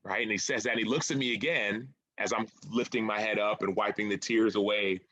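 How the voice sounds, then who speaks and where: A man's voice: lowish voice, steady tone, brisk, sharp tone, no echo, poor audio. A man in his thirties, an author and former football player, telling his story in an interview in an earnest, reflective way and often repeating phrases.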